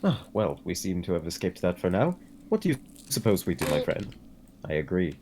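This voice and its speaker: A man playing a tabletop game, speaking in character in a smooth-talking, theatrical way. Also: deep voice, big pitch swings, a little fast, a little mellow, slight background noise. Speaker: player.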